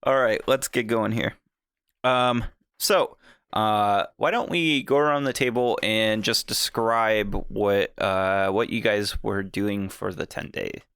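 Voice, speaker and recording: A man running a tabletop game as game master, relaxed and full of fillers like uh and um. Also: fairly low pitch, takes it slowly, smooth, no room sound, clean studio sound. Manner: relaxed, hesitant with frequent fillers.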